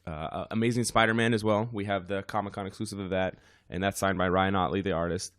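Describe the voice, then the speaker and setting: A man hosting a podcast with a hoarse, worn-out voice, chatting casually with many fillers. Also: deep voice, fairly even intonation, quick pace, a bit bright, dry recording, studio quality. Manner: rambling, frequent fillers. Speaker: podcast host.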